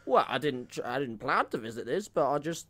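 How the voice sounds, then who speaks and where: A man's voice: mid-range voice, big pitch swings, a little fast, bright, forceful tone. A man playing a defensive, whiny 1600s plotter in an improvised comedy sketch, swearing and protesting his innocence. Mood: aggrieved. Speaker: guest playing a historical figure.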